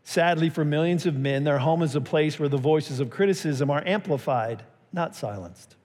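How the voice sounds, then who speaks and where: A man's voice: on the high side, moderate pace, darkish tone, long reverb tail. A man preaching a sermon as pastor, telling a story and acting out its quotes with a raised voice.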